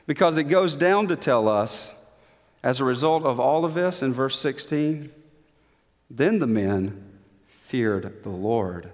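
A man with a high-pitched, fairly bright voice preaches an expository sermon, reading scripture aloud. He's emphatic, and his voice climbs on the quoted questions. The recording carries the long reverb of a large hall.

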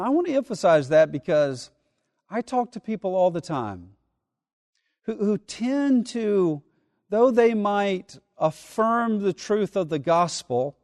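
A male pastor preaching slowly and deliberately, leaning on key words and often restarting phrases. His voice sits high for a man, and a long hall reverb trails behind each line. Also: darkish tone, clean studio sound. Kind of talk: sermon.

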